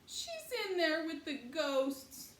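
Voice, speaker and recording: A woman voicing a small, excitable little girl who cries and clings, in a shrill, wailing voice. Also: slow pace. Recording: echoey room, faint hiss.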